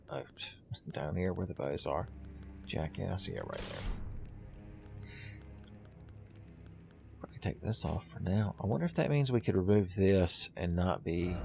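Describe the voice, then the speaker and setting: A man's voice: deep voice, creaky, a little mellow, a little hiss or hum. A man hosting a let's-play of a video game, talking in a wry, sarcastic and profane way and laughing often. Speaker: gaming video host. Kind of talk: casual let's-play commentary.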